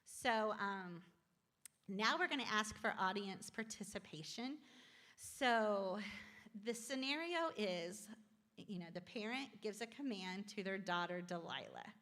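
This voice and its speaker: A woman's voice: medium pitch, animated, a little slow, pushed and bright. A woman presenting a parenting class from slides, chatty and encouraging, quizzing the audience.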